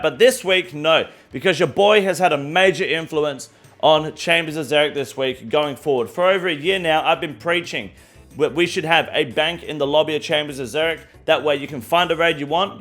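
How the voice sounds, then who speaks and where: A man hosts a casual game news rundown with a fairly high voice. He is blunt and boastful and swears freely. Faint music runs behind him. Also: a bit bright. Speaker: host.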